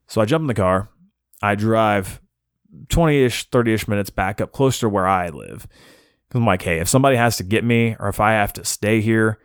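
A young man casually telling a personal story on a podcast, animated and self-mocking, acting out the people he quotes. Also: on the low side, gravelly, clean tone, dry recording, clean studio sound.

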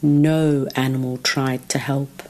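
Slow, expressive woman storyteller. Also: extremely low pitch. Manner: slow, expressive, drawn-out phrasing. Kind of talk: children's story reading.

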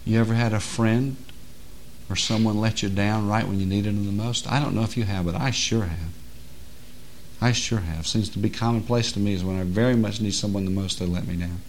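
A male preacher giving a sermon, moving between quiet, low explanation and loud, rising emphasis, slowing words down to stress them. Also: fairly even intonation, a little hiss or hum.

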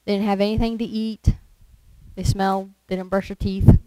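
A woman's voice: mid-range voice, level tone, normal speed, warm tone, clear, resonant tone, dry recording, low-quality recording. Woman giving a conversational sermon. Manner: conversational, with rhetorical questions and acted quotes. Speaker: lay preacher.

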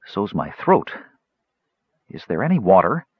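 A man's voice: sits low, big pitch swings, a little slow, breathy edge, no room sound, lo-fi sound, heavily acted. A man voicing a tough, short-tempered young woman warrior who speaks curtly. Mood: blunt. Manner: curt, snappish.

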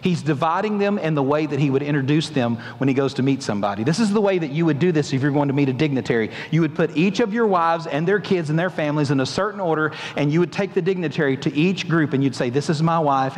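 A man preaches a sermon to his congregation, his fairly high voice rising on pointed questions. He is recorded in a sanctuary, and a long reverb trails after every phrase. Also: quick pace, hardly any pauses, a little mellow. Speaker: pastor.

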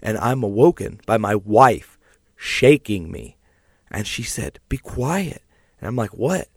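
Rambling low-voiced man telling a dream. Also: measured pace, vocal fry, no echo, studio quality. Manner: rambling, animated storytelling with fillers. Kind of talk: casual chat, telling a dream.

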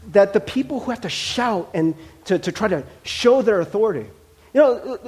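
A male pastor preaching a sermon in a conversational, animated way, with frequent laughs and fillers. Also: sits high, slightly rough.

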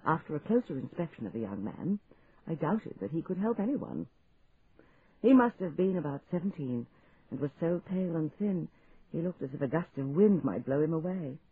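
A male audiobook narrator with a somewhat high voice that rises and falls a lot as he reads. The sound is thin and phone-like, with a faint hiss underneath. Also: sing-song, normal speed. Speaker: audiobook reader. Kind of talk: scripted narration.

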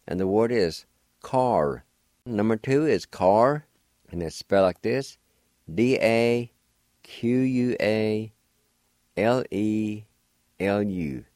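A man's voice: on the low side, darkish tone, no echo, clean studio sound. A middle-aged man, teaching vocabulary on the radio and spelling each word out letter by letter. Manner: spells out words letter by letter, unhurried. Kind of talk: slow, deliberate language lesson.

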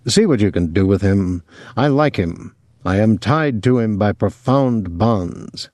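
A man's voice: on the low side, lively intonation, a little slow, a little mellow, dry recording, clean studio sound. A man reading an audiobook, voicing a restless young man who jokes breezily and talks a lot. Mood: breezy. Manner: breezy, joking, talkative. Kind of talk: audiobook character voice.

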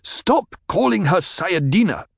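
A scornful desert warrior spits out his challenges, pitched well up and loud, as a male narrator puts him on. The sneer comes through in a dry, close recording with no room sound at all. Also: sing-song, normal speed, no room sound. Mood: defiant.

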